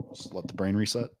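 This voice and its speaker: A man hosting a live sports betting reaction show, talking loosely and rambling, full of "like", with excitable jumps and low asides. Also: noisy background. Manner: rambling, loose, heavy use of "like"; excitable swings between lively and low asides. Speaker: host.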